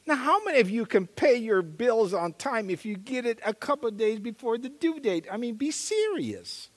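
A middle-aged male pastor preaching a story-driven sermon, animated and acting out the voices in his anecdotes. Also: very high voice, normal speed. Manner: animated, acts out quoted voices, chuckles at himself. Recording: long reverb of a large hall.

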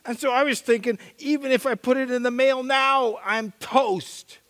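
A middle-aged male pastor preaching a story-driven sermon, animated and acting out the voices in his anecdotes. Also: very high voice, moderate pace. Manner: animated, acts out quoted voices, chuckles at himself. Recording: long reverb of a large hall.

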